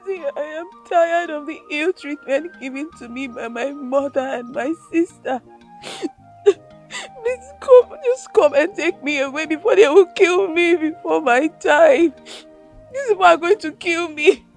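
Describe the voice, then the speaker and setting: A woman's voice: high-pitched, normal speed, faint music behind. A woman with a Nigerian accent playing a mistreated young woman, pleading and tearful. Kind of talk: Nollywood film acting.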